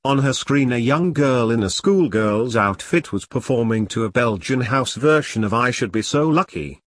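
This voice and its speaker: A man reads a first-person story with a husky voice. His pitch moves a lot as he tells it. The sound is dry and close to the mic. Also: lively intonation, moderate pace, dry recording. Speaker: audiobook narrator.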